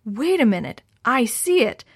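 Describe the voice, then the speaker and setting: A woman voicing an impatient, quick-tempered schoolboy who speaks snappily. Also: a little high, big pitch swings, vocal fry, slightly rough, heavily acted.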